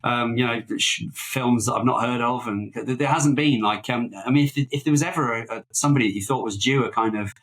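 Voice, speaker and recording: A man's voice: mid-range voice, brisk, hardly any pauses, a bit bright, rough recording. A man co-hosting a casual film-review podcast, talking in a rambling, hesitant way full of fillers and restarts. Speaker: podcast co-host.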